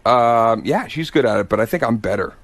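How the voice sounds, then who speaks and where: A male comedian guest in casual studio chat, joking in a deadpan, boastful way. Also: medium pitch, a little fast, dry recording.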